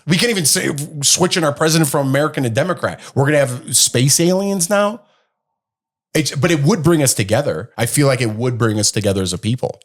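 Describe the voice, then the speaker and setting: A man co-hosting a casual podcast chat, his voice sitting in a middle pitch. He muses and speculates, rambling from one thought to the next. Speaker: podcast co-host.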